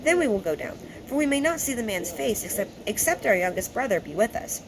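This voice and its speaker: A woman's voice: a little high, sing-song, a little fast, background noise. A woman teaching scripture, reading passages aloud and then retelling them in casual words with fillers.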